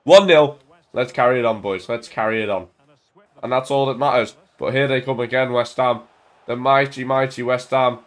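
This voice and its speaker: Excitable young man commentating his football game. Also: medium pitch, moderate pace. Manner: excitable, banter-filled, shouts at goals. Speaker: gaming YouTuber. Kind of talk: casual live commentary over a football game. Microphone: desk mic.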